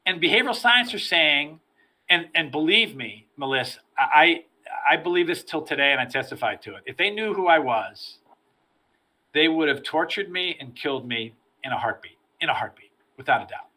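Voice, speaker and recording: A middle-aged man, a former federal agent, telling stories from his career as a podcast guest, animated and repeating words as he starts his sentences. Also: fairly high pitch, normal speed. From United States. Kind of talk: storytelling in a podcast interview.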